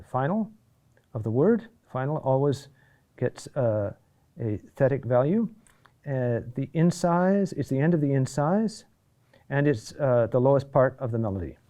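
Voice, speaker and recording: Man, chant instructor, mellow tone, hesitant lecturing with frequent fillers. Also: mid-range voice. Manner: halting, many fillers and restarts, asks "huh?". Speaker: chant teacher.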